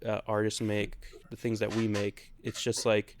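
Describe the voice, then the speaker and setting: A man's voice: on the low side, monotone, moderate pace, a little hiss or hum. A man co-hosting a podcast in casual chat, rambling a bit, laughing often and swearing loosely. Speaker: podcast co-host. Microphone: own separate recording.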